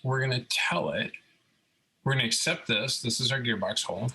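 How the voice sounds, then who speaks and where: This is a screen-recorded CAD tutorial in which a male robotics instructor explains each step calmly and keeps checking in with a quick "okay?" He talks at normal speed in a husky, medium-pitched voice. The audio is poor.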